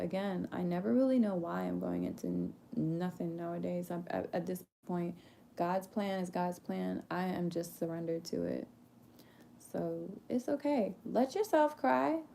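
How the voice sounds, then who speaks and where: Gravelly-voiced woman, emphatic and preachy. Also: on the low side, dark tone, slight background noise. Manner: emphatic and preachy, laughs often, swears, casual slang. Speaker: performer speaking to her audience. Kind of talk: candid casual monologue.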